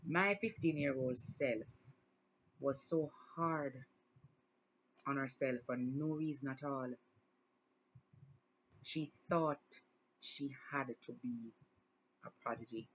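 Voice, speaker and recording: A woman's voice: rumbling low, slow pace, long pauses, muffled recording, slight background noise. A woman hosting her own show, talking in a casual, reflective monologue and smiling through emotion. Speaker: podcast host.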